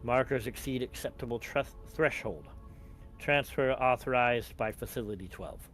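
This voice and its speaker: Man playing a clipped, unimpressed officer, calm and precise, tabletop game voice. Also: medium pitch, moderate pace, lightly acted. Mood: cold. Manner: cold and clipped.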